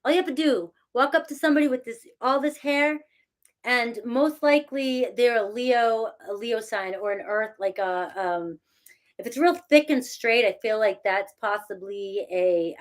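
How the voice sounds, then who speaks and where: A middle-aged woman chatting casually with her live viewers, self-mocking, laughing often and thanking them by name. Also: mid-range voice. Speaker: tarot reader talking to live chat. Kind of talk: casual live-stream chat.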